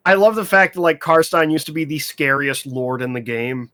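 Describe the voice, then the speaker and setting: A man chatting casually on a gaming podcast, profane and animated, often laughing as he tells stories. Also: on the high side, normal speed. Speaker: podcast host.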